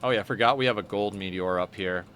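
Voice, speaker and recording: A man's voice: lowish voice, fast, fairly bright tone, slight background noise. A man streaming a game live, chatting casually and answering his viewers as he plays. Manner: chatty, answers viewer chat while playing.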